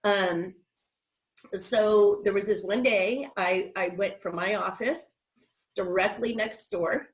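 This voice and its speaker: Middle-aged woman speaking casually over a video call, rambling and warm-voiced storytelling, mid-range pitch. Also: slow pace, rough recording. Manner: chatty, rambling, with laughs and restarts. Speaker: guest speaker.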